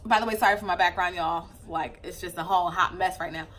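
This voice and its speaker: Chatty bright-voiced young woman vlogger. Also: fairly low pitch, quick pace. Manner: chatty, animated, loose with fillers. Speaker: mom vlogger. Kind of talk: casual chat to camera.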